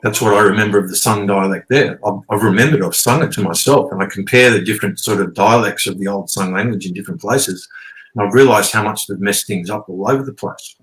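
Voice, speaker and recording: A man's voice: fairly low pitch, quick pace. Aussie guy rambling on, swears a bit, keeps saying okay, echoey room. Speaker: guest teacher. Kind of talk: casual spoken explanation. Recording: roomy echo.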